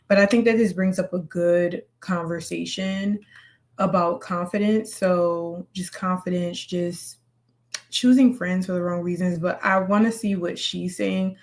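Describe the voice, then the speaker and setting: A woman's voice: fairly low pitch, vocal fry, a little mellow. A woman hosting a casual reaction video, chatting to her viewers and often breaking into laughter.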